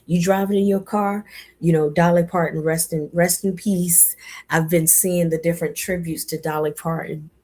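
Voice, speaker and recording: A woman giving a casual spoken affirmation talk in a folksy, animated way, calling listeners baby and y'all. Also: lowish voice, moderate pace. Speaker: motivational speaker.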